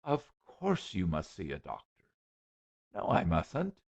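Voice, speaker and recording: A man's voice: sits low, wildly swooping pitch, slow, gravelly, exaggerated voice. A man voicing a sly, stubborn eleven-year-old boy, on a dull lo-fi recording. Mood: wheedling. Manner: firm, wheedling.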